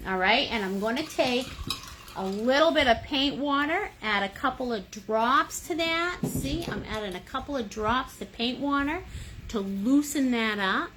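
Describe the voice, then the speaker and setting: A woman's voice: high voice, animated, unhurried, a bit bright, a little hiss or hum. A woman leading a livestream painting lesson, chatty and playful, cheering viewers on and humming little sound effects as she works. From United States. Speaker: painting instructor. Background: fan running.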